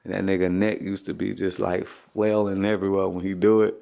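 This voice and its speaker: Teasing, foul-mouthed family dad. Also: male voice, deep voice, flat delivery, brisk, creaky, mellow. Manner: teasing, profane, joking banter; laughs often while ribbing his family. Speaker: father and vlog host. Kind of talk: casual family vlog chat. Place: family home.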